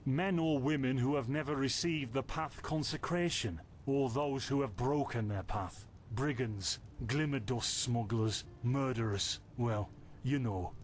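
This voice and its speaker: A Yorkshire-accented actor voices a friendly, chatty, scholarly male villager in a video game, patiently explaining things. His voice is mid-range, natural and a little slow, with slight background noise behind it.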